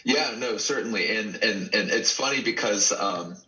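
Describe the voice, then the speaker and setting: A man from Dallas, Texas, a pro wrestler, telling stories in an earnest, animated way with many restarts in a casual interview. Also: on the low side, normal speed, dull audio.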